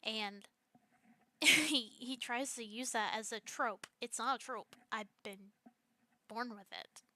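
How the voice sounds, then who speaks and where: A woman's voice: a little high, takes it slowly, bright, forceful tone, no room sound. A young woman hosting a stream, reading messages aloud and answering them in an aggrieved, sarcastic way. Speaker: streamer host.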